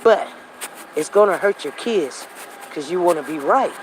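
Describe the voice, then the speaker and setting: Casual show host, rambling story, acts out dialogue, mid-pitched voice, faint background noise. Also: lively intonation, moderate pace, poor audio. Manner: storytelling, reenacts conversations; rambling with frequent restarts. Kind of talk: casual talk monologue.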